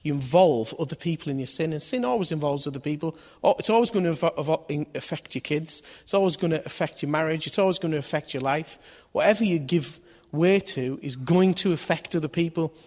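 A man's voice: fairly high pitch, fast talker, few pauses, darkish tone. A man preaching a sermon in a conversational way, asking his listeners questions and acting out voices in his stories. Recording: long hall reverb.

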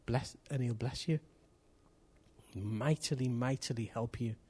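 A man preaching a sermon in a church, telling a story with energy, rising to excited shouts and dropping to near whispers. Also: medium pitch, a little slow, slightly rough. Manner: swings from hushed to excited shouting; lively storyteller with local place names and slang.

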